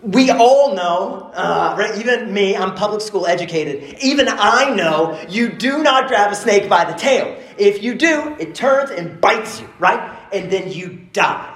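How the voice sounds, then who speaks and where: Man, pastor, from east texas, lively joking sermon, slightly high voice, echoey church room. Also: unhurried, hardly any pauses. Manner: animated, casual and joking.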